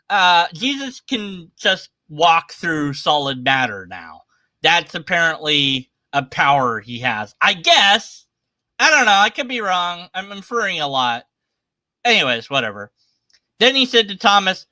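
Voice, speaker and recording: Irreverent male commentator, bright tense tone, dry close sound, mocking delivery. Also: on the high side, big pitch swings, measured pace, no echo. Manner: sarcastic, irreverent. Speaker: atheist commentator. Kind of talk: casual commentary reading scripture. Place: at his computer sharing his screen.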